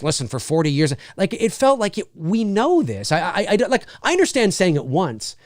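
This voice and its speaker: A man's voice: on the high side, dry recording, clean studio sound. A man giving an unscripted spoken film review, thinking aloud and often restarting his sentences as he works out his opinion.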